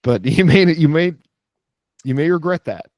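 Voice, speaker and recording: Wry teasing podcast co-host. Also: male voice, a little high, animated, normal speed, no room sound, dull audio. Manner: wry, teasing, laughs easily. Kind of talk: casual chat.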